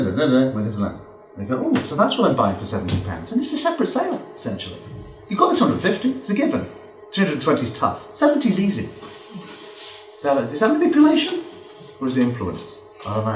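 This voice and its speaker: Lively man speaking in an echoey hall. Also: medium pitch. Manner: lively, joking, acts out customer exchanges. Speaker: business speaker. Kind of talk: live talk to a business audience. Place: hall with a small audience. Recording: echoey room, from far off.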